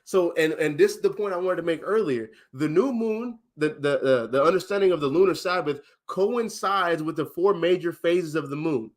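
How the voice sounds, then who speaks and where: A man's voice: fairly high pitch, lively intonation, normal speed, hardly any pauses. Emphatic man teaching on a livestream. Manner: emphatic, asks questions and counts out loud.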